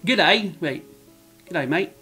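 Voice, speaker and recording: A hammy, over-the-top fake Australian bloke, as a man puts him on. He is pitched up well above his usual voice and pushes the words out loud and brash. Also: animated, very slow, breathy edge, soft background music, full character voice. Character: man joking in a bad Australian accent.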